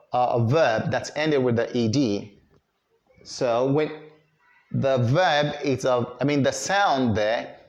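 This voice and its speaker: A male teacher walks through a pronunciation lesson at a very slow pace. He says each sound and word twice so learners can repeat after him. He pads his explanations with fillers and often corrects himself mid-sentence. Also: mid-range voice, darkish tone, roomy sound. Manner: frequent fillers and self-corrections.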